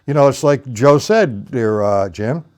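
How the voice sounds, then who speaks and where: A middle-aged man teaches drums on a live stream in a medium-pitched, darkish voice, animated yet unhurried. Between bouts of playing, he counts beats and explains technique in a blunt, rambling manner.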